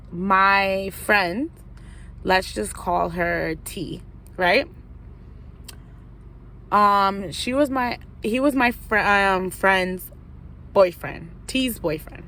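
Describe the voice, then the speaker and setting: A woman's voice: medium pitch, fairly bright tone, a little hiss or hum. A young woman telling a storytime vlog in a rambling, casual way, full of fillers and asides. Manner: rambling, filler-heavy, lots of "like" and "right?". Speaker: vlogger.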